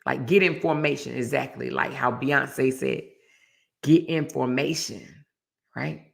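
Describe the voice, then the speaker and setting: A woman hosting a casual chat show, telling a story with animated energy and reading out viewer comments. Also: rumbling low, a little slow, gravelly. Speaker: host.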